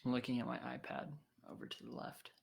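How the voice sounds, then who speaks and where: A young man hosting a worship livestream in casual chat, excitable and thinking aloud with plenty of fillers. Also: mid-range voice, quick pace, creaky.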